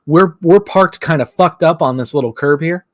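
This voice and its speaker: A man's voice: a little high, normal speed, no room sound. A young man, a podcast co-host, telling a long story in casual chat, rambling with lots of fillers and acting out what people said. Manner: rambling, lots of "like", acts out quotes.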